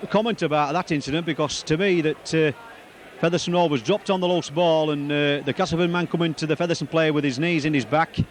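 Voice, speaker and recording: A man giving live rugby league match commentary, excitable and rambling, repeating player names as the play moves. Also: fairly high pitch, a little hiss or hum.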